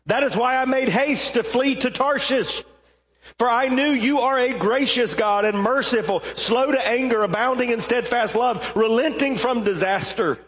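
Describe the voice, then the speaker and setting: A man's voice: very high-pitched, moderate pace, a bit bright, pitched above the performer's own voice. A man voicing an angry, despairing male prophet who pleads with God in a raised voice. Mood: pleading, angry. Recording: long reverb of a large hall.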